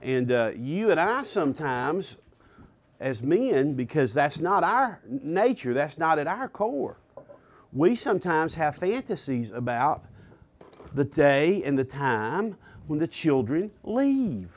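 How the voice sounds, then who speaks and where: Guy preaching a bible class, slow and steady, lots of "okay?" and uh pauses. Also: on the high side. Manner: deliberate, with filler pauses and rhetorical "okay?". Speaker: pastor teaching a class. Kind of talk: sermon-style Bible lesson.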